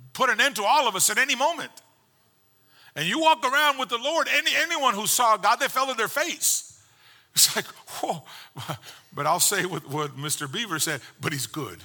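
Pastor, male, young adult, fairly high and very bright voice; passionate sermon delivery with quiet reflective stretches. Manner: passionate preaching that swings from loud fired-up peaks to quiet tender reflection.

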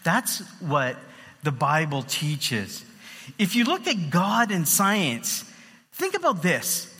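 A man's voice: a little high, sing-song, slow pace, sharp tone, slightly rough. A man preaching a sermon in a loose, conversational way with many fillers. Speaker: pastor. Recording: long hall reverb.

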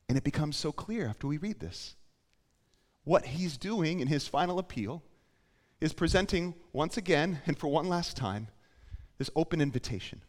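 A man preaching a sermon, his voice a touch higher than most men's. He moves from quiet, deliberate emphasis to loud, urgent calls. A long reverb trails every phrase. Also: expressive. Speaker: pastor.

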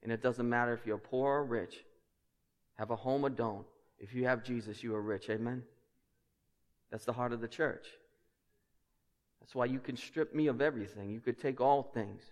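A man preaching a sermon as pastor, emphatic, dropping to a hush and then rising loud, with rhetorical questions to the congregation. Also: medium pitch, steady tone, normal speed, long pauses. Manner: emphatic, swings between hushed and loud. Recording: reverberant church hall.

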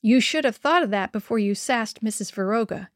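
A woman's voice: on the high side, expressive, brisk, no echo, close to an everyday voice. A woman reading a storybook, voicing a stern, wry middle-aged father in a dry, clipped way.

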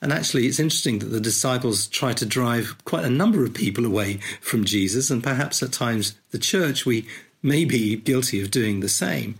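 A man with a husky, breathy edge to an otherwise middle-pitched voice leads a podcast Bible study. He moves through the passage conversationally and without hurry, stopping to reflect on each verse as he reads. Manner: thoughtful, unhurried, explaining as he reads.

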